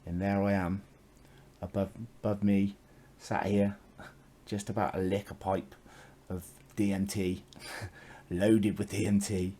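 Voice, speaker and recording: Low-voiced man rambling casually. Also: mellow. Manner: meandering, swears casually, chuckles often. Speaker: spiritual storyteller.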